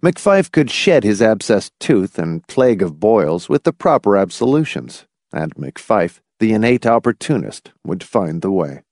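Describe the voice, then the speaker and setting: Low-pitched guy reading a novel aloud, very lively delivery, dry close mic. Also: a little slow, few pauses, dry recording. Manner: expressive, dramatic storytelling. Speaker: audiobook narrator. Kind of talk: scripted narration.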